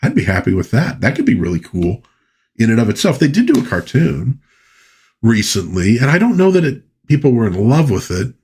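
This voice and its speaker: A man's voice: mid-range voice, huge pitch swings, brisk, darkish tone, husky. A man hosting a pop culture show, talking in a rambling, folksy way with lots of asides. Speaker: podcast host. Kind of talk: casual pop culture commentary.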